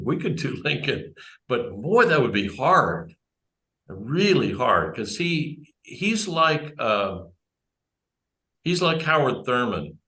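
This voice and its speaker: This man's mid-range, sharp-toned voice carries a conversational church talk that wanders off on tangents and corrects itself along the way. He speaks to a small audience in a church room, and the sound echoes roomily.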